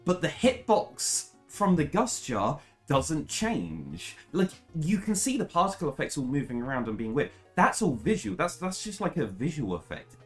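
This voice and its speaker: A young woman speedrunning a game, commentating live, swearing freely and ranting in frustration before rushing into technical explanations. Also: low-pitched, sing-song, faint music behind. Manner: swears a lot, rants in frustration, then explains in a rush.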